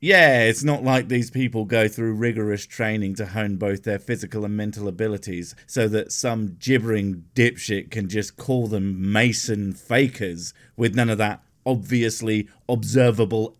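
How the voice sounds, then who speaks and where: Sarcastic male commentary host, animated and profane, swinging pitch a lot.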